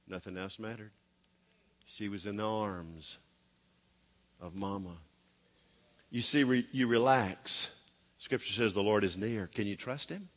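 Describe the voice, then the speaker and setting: A middle-aged man delivers a sermon with a bright, forceful tone. He swings between loud, urgent preaching and quiet, confiding storytelling. His voice trails off into a long hall reverb. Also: mid-range voice. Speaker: pastor.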